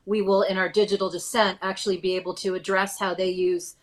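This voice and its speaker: A woman's voice: medium pitch, flat delivery, a little fast. A woman hosting a casual political podcast, chatty and emphatic, steering the conversation between segments. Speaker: podcast host.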